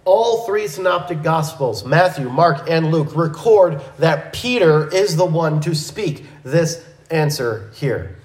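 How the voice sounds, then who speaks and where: A man teaching a verse-by-verse Bible lesson in a measured, methodical way, with small restarts. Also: a little high, animated, echoey room, rough recording.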